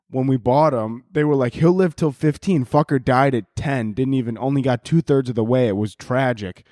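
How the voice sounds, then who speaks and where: A man's voice: medium pitch, a little mellow, no room sound, clean studio sound. A man hosting a podcast, telling rambling, profane comic stories and laughing often. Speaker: podcast host. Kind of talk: casual comedic podcast monologue.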